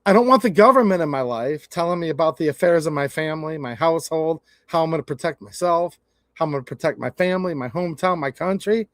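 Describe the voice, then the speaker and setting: A man's voice: a little high, fast talker, no room sound, studio quality. A man hosting his own channel, talking bluntly and casually in a folksy way as he gives his opinions to camera. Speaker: channel host.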